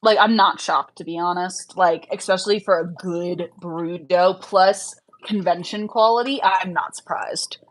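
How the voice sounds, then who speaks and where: A woman's voice: lowish voice, a little slow, few pauses, low-quality recording. A young woman hosting a casual livestream, chatting frankly with viewers and answering their questions with lots of fillers. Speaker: livestream host, rabbit breeder.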